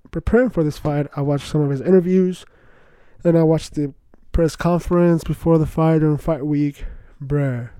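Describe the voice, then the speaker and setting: A young man hosting a podcast, rambling excitedly in casual slangy chatter, full of "bro" and "like". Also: on the high side, smooth, no echo. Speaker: podcast host. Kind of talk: casual solo podcast talk.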